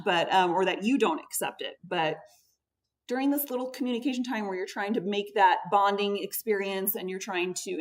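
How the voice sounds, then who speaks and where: A woman speech therapist giving a patient, explanatory conference presentation, stressing key words as she goes. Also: mid-range voice. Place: conference room. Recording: voice picked up from a distance.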